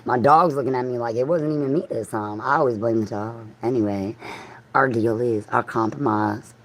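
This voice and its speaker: A woman with a rumbling low voice livestreams a rambling, profane monologue at a moderate pace, and the audio is poor. She free-associates from one thought to the next, talking straight at her viewers.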